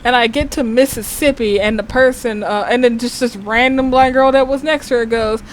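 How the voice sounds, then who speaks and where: A woman's voice: a little fast, slight background noise, low-quality recording. A young woman from Texas chatting casually and animatedly, acting out quotes as she tells stories. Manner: animated storyteller, acts out quotes with wide pitch jumps. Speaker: co-host of a gaming video. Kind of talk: casual chat.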